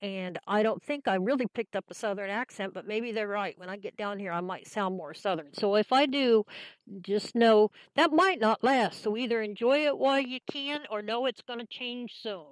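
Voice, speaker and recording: A woman's voice: medium pitch, normal speed, dry recording, poor audio. A woman from Kansas hosting a folksy talk radio show, chatting in a homey, meandering way with lots of fillers.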